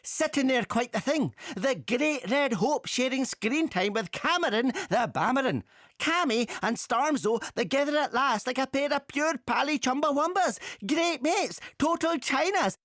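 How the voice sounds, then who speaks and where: A woman's voice: high voice, a little slow, dry recording, clean studio sound. A woman doing a slangy Glaswegian man. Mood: cheeky. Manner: slangy, animated, pally banter. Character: male politician doing a broad Glaswegian voice. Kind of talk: sketch comedy.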